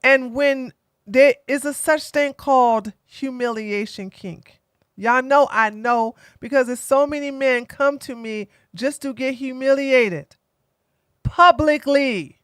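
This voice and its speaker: A woman with a high voice delivers blunt, opinionated online commentary, animated and quick to slip into mocking impressions. Her voice is recorded close and dry, with no room sound around it. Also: smooth, no room sound.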